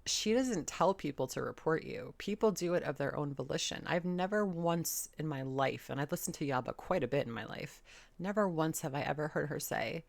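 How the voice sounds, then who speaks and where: A woman's voice: deep voice, animated, normal speed, creaky, no room sound. A woman hosting a reaction video, giving blunt, exasperated commentary and swearing casually. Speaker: commentary host.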